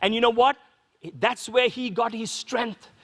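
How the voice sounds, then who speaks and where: A man preaches a sermon as a pastor, his voice pitched notably high for a man. He talks to the congregation conversationally and keeps asking them rhetorical questions. His words ring out with a long reverb in a church hall. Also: steady tone, measured pace. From Sri Lanka.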